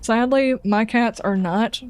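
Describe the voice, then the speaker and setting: A woman with a fairly high, clean, darkish voice is livestreaming a game, taking her time. She chats casually and wryly with viewers, reacting aloud as she plays and answering chat.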